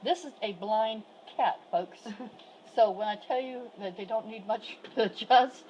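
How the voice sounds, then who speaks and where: A woman's voice: fairly high pitch, unhurried, background noise. A woman showing viewers around a cat sanctuary in a casual filmed tour, talking to the cats in cooing baby talk. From from the southern United States. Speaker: cat sanctuary worker giving a shelter tour.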